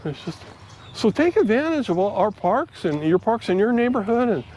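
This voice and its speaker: Man, high-pitched, earnest, rambling, casual storytelling to camera, outdoors, faint background noise. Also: very animated, moderate pace, darkish tone. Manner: rambling, earnest, many fillers and restarts. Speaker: vlogger. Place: outdoors in a park.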